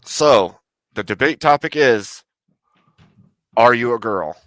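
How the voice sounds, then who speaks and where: A man's voice: medium pitch, animated, slow pace, fairly bright tone, no room sound. A man moderating a live-stream debate, announcing topics and tossing in short interjections.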